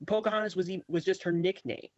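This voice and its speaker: A man's voice: high-pitched, fairly even intonation, quick pace, no echo, muffled recording. A man joining a podcast as a guest, speaking earnestly in short firm statements. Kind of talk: casual chat.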